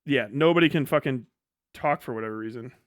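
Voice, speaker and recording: A man's voice: medium pitch, a little fast, no room sound, clean studio sound. A young man hosting a livestream, ranting mockingly with frequent laughter and swearing, then reading out donations. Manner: mocking, laughing often, profane. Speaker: livestream host. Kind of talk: casual livestream rant.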